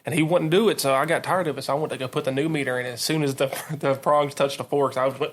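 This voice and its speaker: A man rattles through profane anecdotes at a quick clip. His voice sits at an ordinary middle pitch. He talks loosely and casually, as in a podcast chat. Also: fairly even intonation, fairly bright tone. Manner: rambling, profane, laughing anecdotes. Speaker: podcast guest, utility meter worker.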